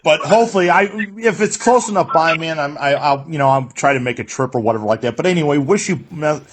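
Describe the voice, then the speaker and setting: A man's voice: on the high side, expressive, fast. A man hosting a radio interview, chatting casually and telling loose, profane stories full of restarts. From United States. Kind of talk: casual chat.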